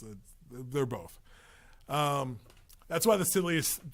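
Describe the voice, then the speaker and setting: A man hosting a podcast in a loose, rambling monologue with profane, joking asides. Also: medium pitch. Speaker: podcast host.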